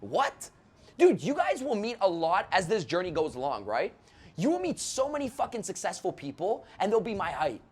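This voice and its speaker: A man telling stories as a guest on a podcast, his voice sitting a little higher than most men's. He talks fast and excitably, swears freely, and leans on "like" and "bro" as he tells his story. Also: breathy edge. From Canada. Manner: rapid, profane, excitable, full of "like" and "bro". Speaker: sales trainer guest.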